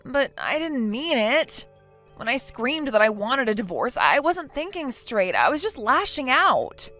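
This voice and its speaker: Brief: woman voicing whiny, defensive young wife, text-story read, soft music behind. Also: high-pitched, sing-song, unhurried, exaggerated voice. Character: self-pitying young wife who cheated.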